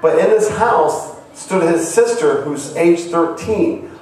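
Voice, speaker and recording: A man's voice: a little high, expressive, slow pace, a little mellow. A missionary man from Ohio, preaching a sermon and telling stories earnestly, his voice rising to cries. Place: church hall. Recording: very echoey hall from far off.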